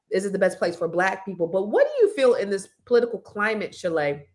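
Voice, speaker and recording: A woman with a Californian accent hosting a panel talk show, animated and playful, stretching words for emphasis. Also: mid-range voice. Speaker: host.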